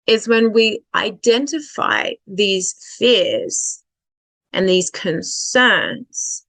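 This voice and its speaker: A woman's voice: mid-range voice, bright, forceful tone, no echo. A woman relationship coach explaining dating behaviour in a casual, conversational way, with fillers and restarts, stretching out her key points.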